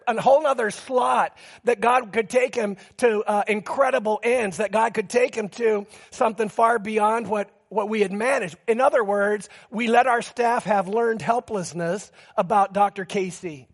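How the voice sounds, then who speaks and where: A man delivers a sermon from the pulpit, his voice pitched high with a gravelly edge. He tells stories in a lively, animated way, throwing in quick asides and acting out the lines he quotes. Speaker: pastor.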